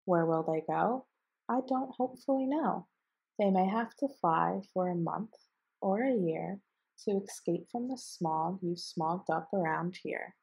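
A woman's voice: fairly low pitch, lively intonation, unhurried, creaky, darkish tone, slightly rough, exaggerated voice, poor audio. A woman reading aloud the lines of a grumpy little forest creature who scolds and complains as he guards the trees. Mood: complaining.

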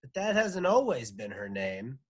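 A man's voice: medium pitch, big pitch swings, a little slow, breathy edge, voice pushed up. A man voicing a nervous, eager young schoolboy in a read-aloud storybook.

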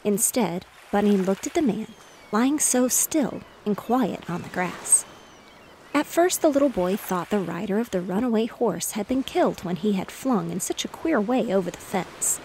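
A woman narrating a bedtime story in a gentle, steady reading voice. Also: mid-range voice, moderate pace, a little hiss or hum. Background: faint waves.

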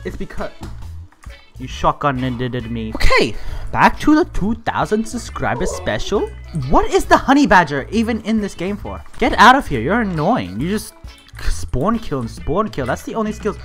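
A young man hosting his gaming channel, giving rambling, excitable commentary while he plays and often yells at the game. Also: high-pitched, normal speed, soft background music.

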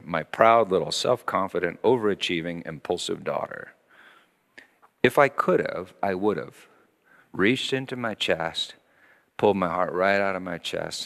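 A middle-aged man preaching a sermon as pastor, telling a story with lively acted-out voices and sudden hushed drops. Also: on the low side. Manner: animated storytelling, acting out voices, dropping to hushed tones. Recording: long hall reverb.

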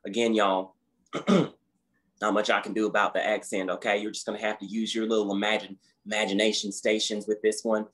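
A man's voice: lowish voice, little pitch movement, normal speed, fairly bright tone, natural voice. A man playing a folksy, fussy office manager on a conference call who keeps tacking "okay?" onto his sentences. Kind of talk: scripted comedy sketch on a conference call.

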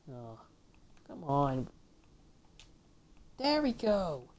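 Low-voiced woman muttering over gameplay. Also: big pitch swings, drawn-out words, darkish tone. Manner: mutters half-whispered asides between exclamations; playfully complaining. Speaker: let's play gamer. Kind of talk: casual gameplay commentary.

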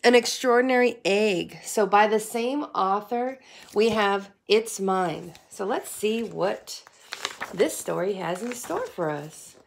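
A woman reading a picture book aloud to children in an expressive, sing-song way, like a teacher. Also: medium pitch, takes it slowly, creaky. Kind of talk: storybook read-aloud.

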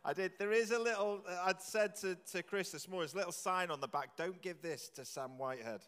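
A man leading a church service chats jokily with the congregation, firing quick quiz questions in a playful all-age talk. His voice is high-pitched, a bit bright and smooth. The recording, made from a distance, echoes through a large church with long reverb.

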